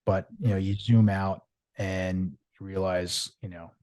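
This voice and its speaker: A middle-aged man from Long Island speaks, his voice very low and dark. He tells his story in a rambling, lively way, full of fillers and restarts. The recording is dry and close. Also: unhurried, dry recording. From Long Island, New York. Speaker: podcast guest. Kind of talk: candid storytelling interview.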